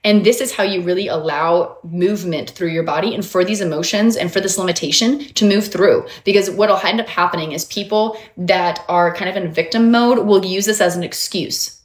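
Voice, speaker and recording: A woman hosting a motivational livestream as a mindset coach, animated and emphatic, talking straight to her viewers. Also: fairly low pitch, moderate pace. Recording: roomy echo.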